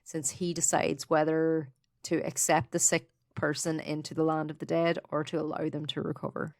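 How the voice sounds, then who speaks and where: A woman co-hosting a podcast, relaxed as she tells researched material in casual chat with some fillers. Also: low voice, normal speed, no room sound, clean studio sound. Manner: relaxed storyteller, reading researched notes with fillers. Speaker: podcast co-host.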